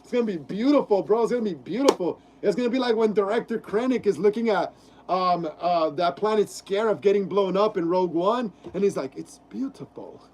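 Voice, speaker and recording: A man's voice: sits high, fairly quick, a little mellow, slight background noise. A young man casually hosting a live stream, reading chat messages aloud and stumbling over names. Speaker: livestream host.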